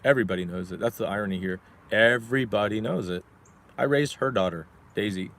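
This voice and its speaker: A man's voice: fairly low pitch, brisk, a bit bright. A middle-aged man telling his own story in a profane, combative, rambling monologue.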